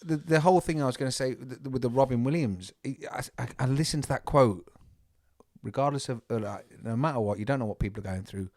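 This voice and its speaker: Animated man with a dry close sound. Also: medium pitch, fast talker, no room sound. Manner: animated, rambling with many restarts. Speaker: podcast guest. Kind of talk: casual chat. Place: indoors on a converted bus.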